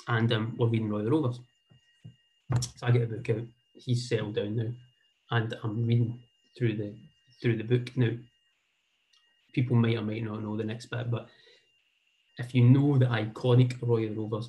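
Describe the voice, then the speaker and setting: A man's voice: lowish voice, a little mellow, rough recording. A Scottish man in his forties telling a heartfelt personal story in a rambling, earnest way, often repeating words. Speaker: speaker sharing a personal story.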